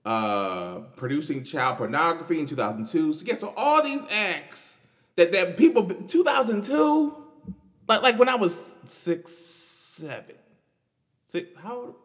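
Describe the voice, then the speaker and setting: A man's voice: a little high, big pitch swings, a little slow, a bit bright. A young man, hosting a casual podcast and commenting on news in a loose, chatty way with restarts and laughs. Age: 20s. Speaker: podcast host.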